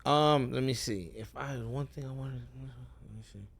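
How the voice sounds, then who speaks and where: Gravelly, rambling man rapper. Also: medium pitch, normal speed. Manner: rambling, profane, loose and self-interrupting. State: high, with cotton mouth. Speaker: rapper guest. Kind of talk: casual live-stream chat.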